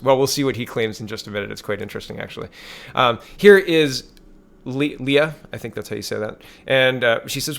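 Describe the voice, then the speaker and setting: A man's voice: mid-range voice, a bit bright. A man from Canada giving casual political commentary, reading articles off his screen and adding scornful, sarcastic asides.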